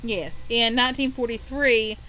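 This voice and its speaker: A woman's voice: on the high side, fairly even intonation, moderate pace, bright, forceful tone, low-quality recording. A woman from Kentucky, co-hosting a podcast and recounting a story in a rambling, casual way with frequent ums. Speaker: podcast co-host.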